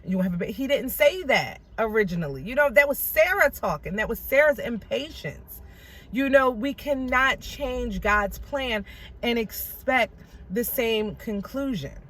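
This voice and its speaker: A woman hosting a casual Bible study vlog, retelling scripture in an animated way with slangy asides. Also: on the high side, a little slow.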